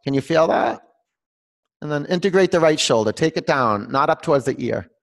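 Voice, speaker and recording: A man's voice: a little high, lively intonation, moderate pace, creaky, in a large hall. A man teaching a live yoga class, calling out poses and counting breaths, joking with his students by name. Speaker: yoga instructor. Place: yoga studio, large room.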